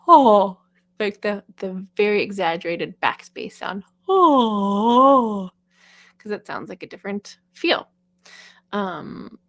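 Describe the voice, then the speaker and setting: A woman giving a relaxed voice lesson, explaining vocal technique in a chatty, loose way. Her voice has a gravelly fry at the edges and sits at a middle pitch. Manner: chatty, demonstrates with sung and called-out examples. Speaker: voice teacher.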